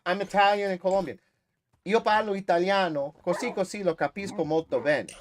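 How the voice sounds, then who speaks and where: With slight background noise behind him, a fairly high-pitched man from Massachusetts talks casually to his live chat while streaming games. He rambles along, dropping freely into Spanish.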